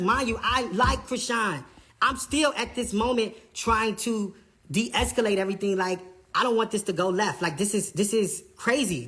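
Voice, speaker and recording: A tour manager casually recounting a backstage incident in an animated way, often quoting what others said. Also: medium pitch. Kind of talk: casual storytelling.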